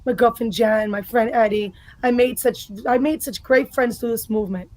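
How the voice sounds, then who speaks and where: A woman's voice: on the high side, steady tone, moderate pace, darkish tone, no room sound, low-quality recording. A middle-aged woman from the Bronx with a New York accent, a guest in a casual podcast chat, blunt and profane.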